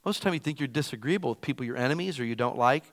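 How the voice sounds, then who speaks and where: A man preaching a sermon in a casual, emphatic way, often saying "man". He swings between loud bursts and quiet, low asides. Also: lively intonation, very fast.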